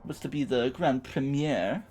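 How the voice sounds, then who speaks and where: A man's voice: medium pitch, a little slow, darkish tone, a little hiss or hum. A young man streaming a game, giving playful, chatty commentary with silly sound words. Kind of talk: gameplay commentary.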